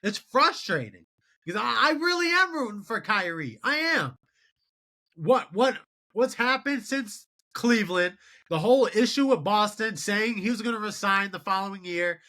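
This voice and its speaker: Animated young man ranting about basketball. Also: high-pitched. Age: 20s. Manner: animated, exasperated sports rant. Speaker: podcast host. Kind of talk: solo sports commentary.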